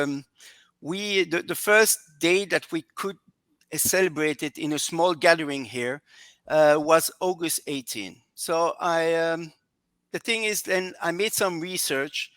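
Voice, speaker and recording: A man with a French accent answering a podcast interviewer, pausing and searching for words as he goes. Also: fairly high pitch, fairly bright tone, dry recording. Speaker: podcast guest.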